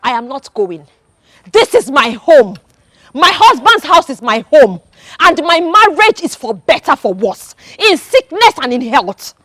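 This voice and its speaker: An actress playing a defiant wife with a Nigerian accent, shouting in anger to defend her husband. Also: high voice, big pitch swings, measured pace, no echo, clean studio sound, full character voice. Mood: furious. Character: defiant wife, fiercely loyal to jailed husband. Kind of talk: Nollywood film acting.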